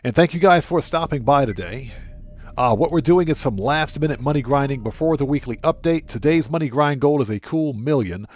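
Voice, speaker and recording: A man's voice: medium pitch, lively intonation, brisk, darkish tone, soft background music. A man live-streaming a game, chatting casually, greeting new subscribers and reading viewers' messages aloud. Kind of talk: live gameplay commentary.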